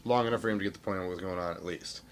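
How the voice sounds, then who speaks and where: A low-voiced man banters with his co-host in relaxed podcast chat. He jokes, laughs at his own stories and trails off mid-thought. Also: very fast, slight background noise. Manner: joking, laughs often. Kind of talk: casual chat.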